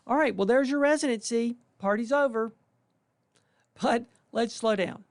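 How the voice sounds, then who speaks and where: A residency faculty member talks to new interns in an easygoing, folksy way at medium pitch and normal speed, with no room sound. Colloquial exclamations come up along the way, and at times the speaker plays out what the residents are thinking.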